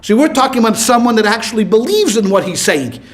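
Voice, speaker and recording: A man's voice: high voice, fast. A man teaching a class as a rabbi, asking the room questions, answering them himself and telling short stories with quoted lines. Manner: lively, asks questions and answers them himself, tells anecdotes with voiced quotes. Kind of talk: classroom lecture with questions to the audience.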